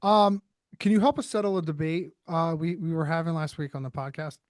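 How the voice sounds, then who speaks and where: A man's voice: on the high side, steady tone, brisk, a little mellow, no room sound, studio quality. A man from New Jersey hosting a podcast, talking loosely and jokingly, with lots of "like" and restarts. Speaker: podcast host. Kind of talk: casual podcast interview.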